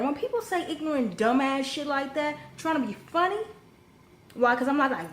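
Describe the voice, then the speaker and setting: A young adult woman telling a personal story in a casual vlog, blunt and profane, with sudden animated rises when she gets heated. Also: sits high, brisk. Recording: echoey room with faint background noise.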